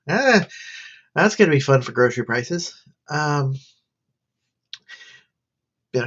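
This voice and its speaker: A tired woman, a college student, rambling through her day in a casual livestream diary. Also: very deep voice. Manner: rambling, wandering chat. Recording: dull lo-fi stream audio.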